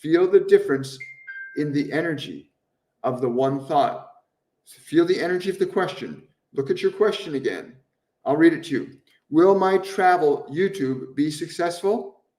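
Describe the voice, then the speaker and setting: A man hosting a live stream as a spiritual medium, answering viewers' questions in a gentle, earnest way and repeating phrases over and over for emphasis. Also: on the high side, animated, moderate pace, distant mic, faint music behind. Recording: roomy echo, voice somewhat off-mic.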